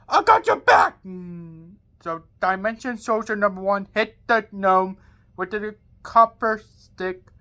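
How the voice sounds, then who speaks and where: A woman narrating her own fantasy story aloud in plain, halting sentences with grammar slips. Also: medium pitch, fairly bright tone. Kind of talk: amateur read-aloud of an original fantasy story.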